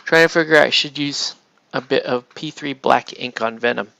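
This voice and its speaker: A man chatting casually to his viewers as he paints miniatures on a stream, rambling and self-deprecating, quiet and mumbling while he works and louder when he wraps up. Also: mid-range voice, normal speed, vocal fry.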